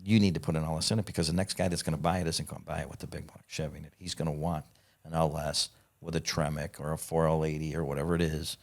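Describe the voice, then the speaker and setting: A man telling stories as a podcast guest in casual chat, excitable and profane, swearing as he talks. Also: a bass voice, quick pace, creaky. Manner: excitable, profane, animated storyteller.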